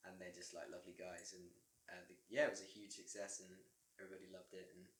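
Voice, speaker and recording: A man in a band talks in a relaxed, rambling way and often trails off mid-thought. His voice sits fairly low but has a bright, forward edge, and it echoes around the room. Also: fast talker. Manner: laid-back, rambling, trails off. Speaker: musician guest. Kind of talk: casual chat.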